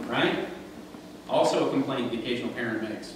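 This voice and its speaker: A man's voice: medium pitch, brisk, noisy background. A man preaching a sermon as pastor, conversational and joking, reading scripture aloud in a church. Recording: echoey church hall, voice from far off.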